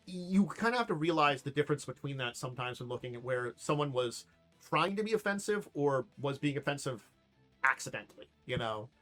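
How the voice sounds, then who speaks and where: A man's voice: medium pitch, lively intonation, brisk, fairly bright tone, faint music behind. A man hosting a casual tabletop podcast, rambling and self-deprecating, laughing at his own jokes. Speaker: podcast host. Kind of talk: casual chat.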